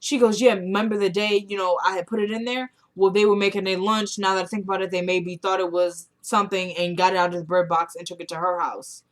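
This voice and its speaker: A woman's voice: mid-range voice, flat delivery, fast, few pauses. A woman casually recapping a TV drama episode, retelling the scenes in quoted dialogue and adding her own blunt opinions.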